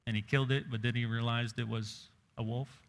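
A man's voice: medium pitch, level tone, fairly quick. A man preaching a sermon in a conversational way, raising his voice when quoting scripture.

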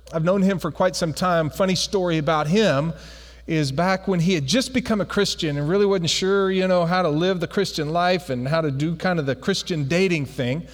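Animated male preacher in a reverberant hall. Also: on the high side. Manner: animated storyteller who laughs through his anecdotes. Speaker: pastor. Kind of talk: sermon storytelling.

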